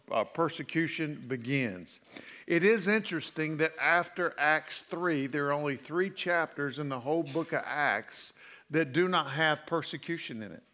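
A middle-aged male pastor preaching a sermon, folksy and animated as he tells stories. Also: a little high. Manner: folksy storytelling with animated asides.

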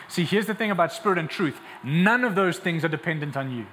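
Guy preaching a sermon, acts out the dialogue, kinda high voice, faint room hum. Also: fairly quick, hardly any pauses. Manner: retells scripture in lively acted-out dialogue. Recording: long hall reverb, faint ambience.

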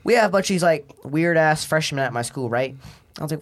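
A man's voice: on the high side, animated, quick pace, fairly bright tone. Teen guy, podcast guest, casual storytelling, crude slang, acts out other voices. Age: teens.

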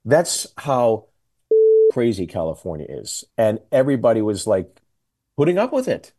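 Animated comic storyteller, a man. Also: fairly low pitch, normal speed. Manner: animated, comic storytelling with laughs and quoted voices. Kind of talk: casual storytelling chat.

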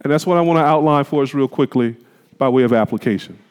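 A man's voice: medium pitch, quick pace, darkish tone, clean tone. A man preaching a sermon, emphatic and colloquial, putting rhetorical questions to the congregation. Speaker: pastor. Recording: long reverb of a hall.

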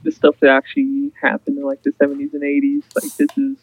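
A man's voice: very high voice, big pitch swings, quick pace, rough recording. A young man, a guest musician in casual podcast chat, talking hesitantly with many fillers.

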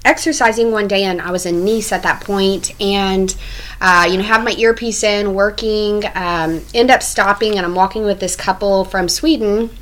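Picture an American woman in easy, casual conversation. She tells long stories and keeps slipping in laughs between her thoughts, with a voice of ordinary pitch for a woman, loaded with ums and restarts. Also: fairly even intonation, moderate pace, a bit bright, slight background noise, low-quality recording. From United States. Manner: chatty storyteller, laughs often, many fillers. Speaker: guest.

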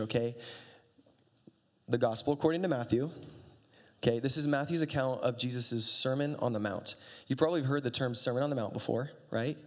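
Guy preaching in a big echoey hall, chatty and sarcastic, reads scripture then explains it. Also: medium pitch. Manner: conversational, sarcastic asides. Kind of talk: casual sermon with scripture reading. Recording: long reverb of a hall.

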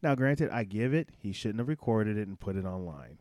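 A man's voice: lowish voice, animated, brisk, a little mellow, no room sound. A man who is a former Army drill instructor, telling stories bluntly and profanely in a casual interview.

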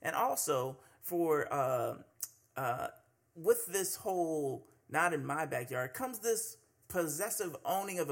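Gravelly-voiced man hosting a commentary podcast. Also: fairly high pitch, a bit bright. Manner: conversational, many fillers and restarts, acts out quoted people. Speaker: podcast host.

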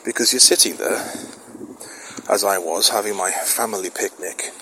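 A man's voice: on the low side, moderate pace, bright, forceful tone, rough recording. A middle-aged man musing aloud in a rambling, self-questioning solo monologue, recorded outside in the wind. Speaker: podcast host. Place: outdoors in the wind.

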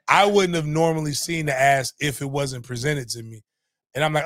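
Man in his middle years, podcast storyteller, profane and animated, a bit high-pitched, dry close mic. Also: a little fast, no echo. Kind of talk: casual storytelling.

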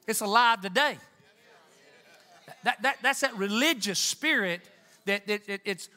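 A man preaching a sermon in church, talking to the congregation with emphatic, animated delivery and Southern turns of phrase. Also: high-pitched, unhurried, pauses often. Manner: animated, emphatic, rising to near-shouts.

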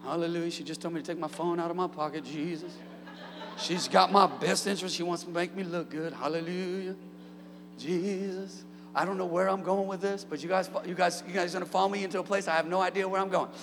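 A man in his thirties preaching a sermon in a church, calling out to the congregation and building up to shouts. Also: high-pitched, fairly even intonation, brisk, in a large hall, over music. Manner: call-and-response preaching, rising to shouts. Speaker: pastor. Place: church sanctuary.

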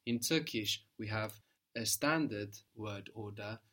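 A man's voice: lowish voice, takes it slowly, sharp tone. A man teaching a language lesson, explaining step by step and prompting his student to answer.

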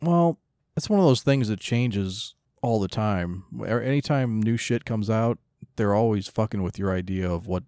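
A man with a fairly low voice co-hosting a podcast, recorded close and dry. He rambles in a laid-back way and laughs mid-sentence. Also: moderate pace, dark tone, dry recording. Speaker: podcast co-host. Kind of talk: casual podcast banter.

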